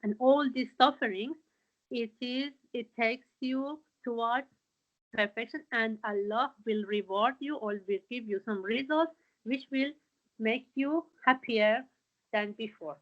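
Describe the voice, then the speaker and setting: A woman's voice: fairly high pitch, a little slow, lo-fi sound. A woman teaching a Quran lesson, explaining verses word by word with frequent fillers and restarts. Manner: hesitant, many fillers and restarts.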